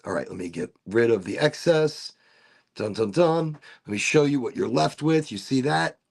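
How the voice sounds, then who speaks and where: A playful middle-aged man talks through a livestream demonstration with a gravelly, slightly husky voice. His pitch sits a little high and swings about a lot as he jokes and explains. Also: animated, fairly quick. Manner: playful, breaks into silly voices and asides. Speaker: streamer demonstrating a vaporizer.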